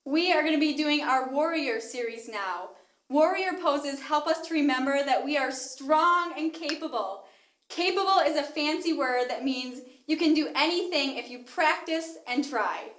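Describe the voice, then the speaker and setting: A woman's voice: sits high, normal speed, a bit bright. A woman leading a children's yoga class, speaking in a cheerful sing-song way and coaxing the kids through each pose. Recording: echoey room.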